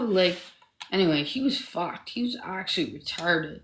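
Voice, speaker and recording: A woman's voice: on the low side, expressive, moderate pace, reverberant. A young woman in her twenties from Canada, telling a personal story in casual livestream chat, rambling and profane, with constant fillers like "like". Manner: rambling, profane, heavy use of "like".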